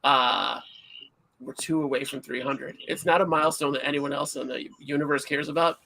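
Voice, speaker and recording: Creaky, bright-voiced middle-aged man. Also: fairly high pitch, moderate pace, slight background noise. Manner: animated storyteller, self-mocking, acts out shouts. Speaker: livestream host. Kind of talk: casual livestream chat.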